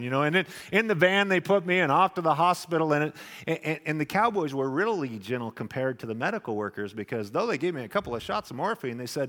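A man, preaching a sermon and telling lively personal stories, acting out the people in them. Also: fairly high pitch, fast talker. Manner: animated storyteller, acts out voices. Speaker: pastor. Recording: hall with long reverb.

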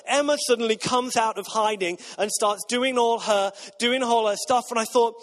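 High-voiced man preaching a story-driven sermon. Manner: storytelling, halting with fillers and restarts. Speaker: pastor.

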